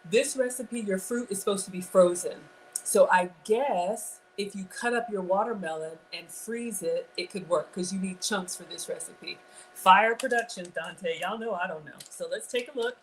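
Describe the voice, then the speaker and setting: A woman's voice: mid-range voice, normal speed, slight background noise, poor audio. A woman in her forties from Ghana, hosting a casual live cooking stream from her home kitchen, chatting with viewers and poking fun at herself. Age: 40s. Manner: chatty and self-deprecating, greets viewers and reads their comments. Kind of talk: casual livestream cooking chat.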